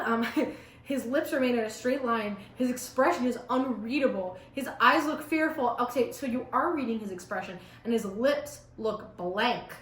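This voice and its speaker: A teenage girl reading her old fan story aloud, breaking off for sarcastic, chatty asides. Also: a little high. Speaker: vlogger. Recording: roomy echo.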